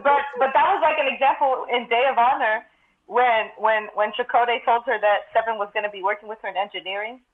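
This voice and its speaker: Co-host, woman, a bit high, dull lo-fi remote sound, easy chatty delivery. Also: quick pace. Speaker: podcast co-host. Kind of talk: casual fan chat. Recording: muffled lo-fi remote audio.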